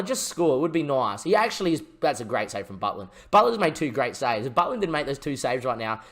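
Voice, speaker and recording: Young male gaming streamer: casual play-by-play, moody mutters and sudden loud excitement. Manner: swings from low muttering to excited shouting. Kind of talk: let's-play commentary over a football management game.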